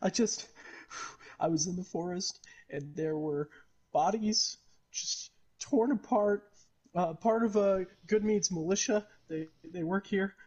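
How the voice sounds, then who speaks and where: A man's voice: sits high, a little mellow. A man voicing a frightened male trapper who pleads and stammers as he talks. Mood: shaken. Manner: stammering, rushed, swearing.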